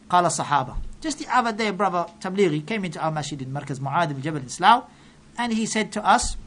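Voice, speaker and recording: Fast, emphatic preacher man. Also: on the high side, a bit bright. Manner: emphatic, rhetorical questions, quotes Arabic scripture rapidly. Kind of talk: sermon.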